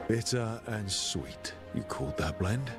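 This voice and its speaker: A man's voice: lowish voice, expressive, unhurried. An actor playing a playful, flirtatious male hero in a video game. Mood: flirty. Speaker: player character. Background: game music.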